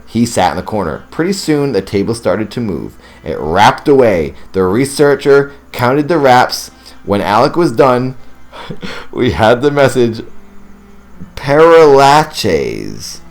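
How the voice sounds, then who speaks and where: A man's voice: medium pitch, big pitch swings, slow. Male host reading a ghost story, mid-range voice, plain narration with reactive asides. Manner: reads first-person accounts, breaks off to react emotionally. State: teary and sniffling.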